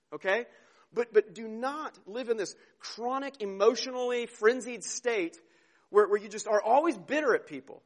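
A man in his thirties preaching a sermon, earnest and conversational, repeating words and dropping to a hush for tender moments. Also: high voice. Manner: earnest, repeats words, swings from emphatic to hushed. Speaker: pastor.

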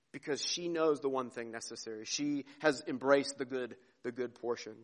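A man preaching a sermon, earnest and heartfelt, dropping to a hush and then rising to emphasis, often repeating words as he goes. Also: medium pitch, steady tone, fairly quick, few pauses. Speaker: pastor.

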